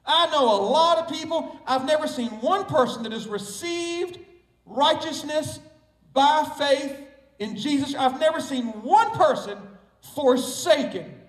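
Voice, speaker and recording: Speaking in a very high, animated voice at an unhurried pace, a Southern US pastor delivers his sermon, leaning on key words and repeating them. He comes from the Southern United States, and the mic sits far off in an echoey room.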